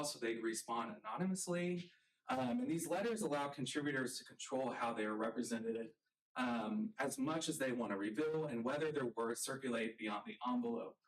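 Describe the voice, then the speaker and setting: A college art professor from the rural American South presents his research earnestly, halting often with ums. His voice sits at an ordinary middle pitch, and the mic catches him from some distance across a lecture room.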